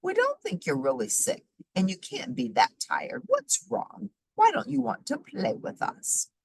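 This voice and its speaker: A woman's voice: high voice, wildly swooping pitch, measured pace, creaky, breathy edge, no room sound, voice pushed up, full character voice, poor audio. A woman playing a zippy squirrel girl. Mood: pressing, concerned. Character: lively, quick young female squirrel.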